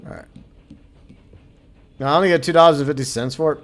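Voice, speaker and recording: A man's voice: a little high, fairly even intonation, quick pace. A man from Minnesota giving casual, joking commentary as he streams a game, swearing freely.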